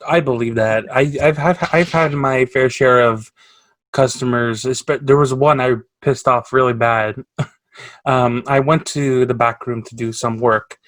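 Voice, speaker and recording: A man's voice: medium pitch, unhurried, dry recording. A man from Canada co-hosting a podcast, telling work stories in casual chat and raising his voice when he quotes people. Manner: animated storyteller, raises voice for quoted lines. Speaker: podcast co-host.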